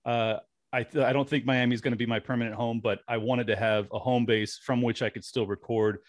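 A man's voice: medium pitch, fairly quick, no room sound. A young man, a podcast guest, chatting casually and telling stories with animation and frequent laughs. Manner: animated storyteller, laughs often. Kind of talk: casual interview chat.

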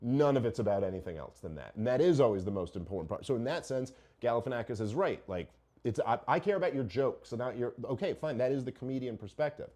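A middle-aged man holding forth as a podcast host, animated and argumentative, swearing freely and firing off rhetorical questions. His voice is warm and mellow, sitting at an ordinary middle pitch. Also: quick pace. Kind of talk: casual opinionated chat.

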